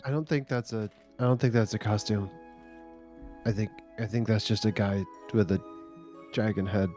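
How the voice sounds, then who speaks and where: A man playing a tabletop game, thinking out loud. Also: fairly low pitch, fairly even intonation, normal speed, soft background music. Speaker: player. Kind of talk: casual tabletop play.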